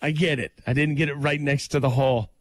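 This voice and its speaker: A man co-hosting a radio talk show, teasing his partner with dark, deadpan insults. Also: medium pitch, fast, no room sound. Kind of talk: casual banter.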